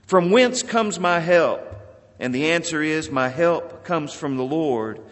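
A pastor preaching a sermon in a slow, measured way, lifting for emphasis and dropping soft at the ends of phrases. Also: male voice, fairly high pitch, expressive. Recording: long reverb of a large hall.

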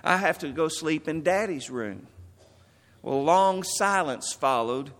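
A man preaching a sermon as pastor, telling stories and stressing words, then dropping softly. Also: fairly high pitch, animated, a little slow, in a large hall.

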